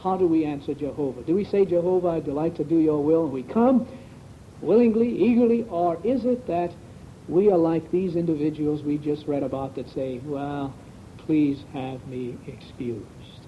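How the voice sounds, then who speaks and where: A man's voice: on the high side, brisk. A man giving a conversational Bible talk at a congregation meeting, folksy, asking rhetorical questions and repeating "see?" and "sure". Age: 1970s recording. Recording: muffled old lo-fi tape with faint hiss.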